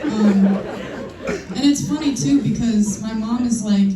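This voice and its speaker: Fairly high-pitched and a little slow, a young adult woman performs stand-up over a noisy crowd at a live comedy show. She spins self-deprecating stories in a relaxed, chatty style, recorded in an echoey room with the microphone far off.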